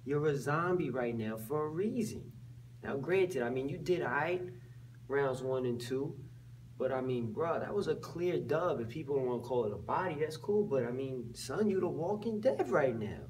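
A man's voice: medium pitch, lively intonation, moderate pace, darkish tone, far from the mic, slight background noise. A young man hosting an improvised comedy sketch, teasing the other characters in casual slang. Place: indoor room at home.

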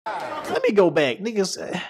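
Male reaction host, high and very animated, profane mocking trash talk, hoarse from yelling. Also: a little slow, a crowd in the background, noisy background. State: hoarse, losing his voice. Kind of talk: casual reaction commentary.

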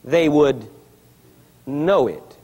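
A man's voice: fairly high pitch, very slow, darkish tone, slightly rough. A man preaching a sermon in a large church, teaching emphatically and firing repeated questions at the congregation. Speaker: pastor. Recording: long reverb of a large hall.

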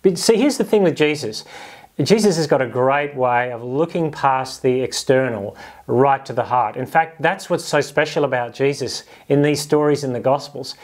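A man preaching a sermon in a conversational way, acting out quoted voices with humor. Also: medium pitch. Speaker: pastor.

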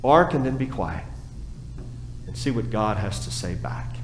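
A man preaching a sermon as pastor, passionate, dropping to a hush and then rising again. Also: lowish voice, lively intonation, unhurried, roomy sound, slight background noise, rough recording. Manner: impassioned preaching, swings from hushed to raised. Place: church sanctuary.

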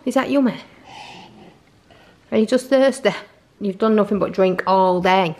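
A woman's voice: medium pitch, measured pace, darkish tone. A woman chatting casually in a home vlog, coaxing and teasing her toddler. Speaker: family vlogger. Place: family home, indoors.

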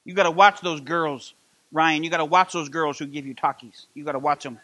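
Middle-aged guy preaching in church, high voice, gets loud and fired up. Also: steady tone, fairly quick. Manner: impassioned preaching, rising to loud emphatic peaks. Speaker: pastor. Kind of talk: sermon. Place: church sanctuary.

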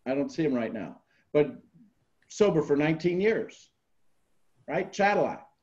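A man leads a group call with earnest motivational coaching, coming back again and again to his key phrases. His voice sits a little high, and the recording sounds dull and lo-fi. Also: animated, unhurried, darkish tone.

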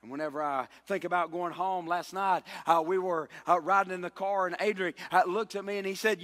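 A high, bright-voiced man preaching with fervor, rising to shouts and sinking low, asking the congregation for amens. His voice rings out through a church sanctuary with a long, lingering reverb. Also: steady tone, fairly quick, hardly any pauses. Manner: impassioned, rises to shouts and drops low, calls for amen. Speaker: pastor. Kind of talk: sermon.

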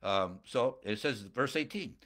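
A man preaching through a Bible passage at a middle pitch, reading the old wording aloud and then retelling it in casual everyday terms. He often pushes his voice up in pitch and volume to stress a point, and drops into chuckling asides and personal stories. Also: unhurried. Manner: reads scripture aloud, then paraphrases it in plain speech; animated, often rising in pitch and volume for emphasis. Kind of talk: expository Bible sermon.

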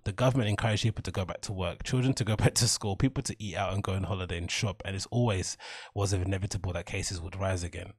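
Man, low husky voice, dry close sound, casual chatty monologue. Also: steady tone, fast, no echo. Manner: chatty, laughs often, mock-polite asides. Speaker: podcast host.

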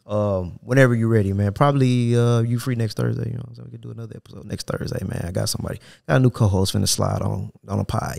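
A man's voice: mid-range voice, gravelly, darkish tone, no room sound, clean studio sound. A young adult man with an African American Vernacular English accent, hosting a solo podcast in a casual, profane, rambling way. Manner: casual, profane, rambling, with frequent "you know what I'm saying". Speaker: podcast host.

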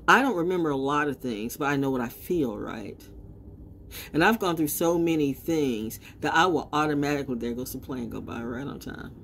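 A woman in her sixties giving a defiant, rambling monologue, swinging from loud outbursts to low mutters. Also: a little hiss or hum. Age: 60s. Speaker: vlogger. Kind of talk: unscripted monologue.

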